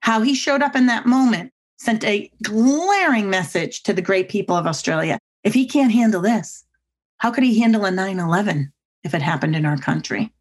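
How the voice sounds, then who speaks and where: Animated woman telling stories with acted-out voices. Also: moderate pace, husky. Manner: acts out quotes with big pitch jumps; emphatic, repeats catchphrases. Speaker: guest speaker on body language. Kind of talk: animated storytelling on a podcast.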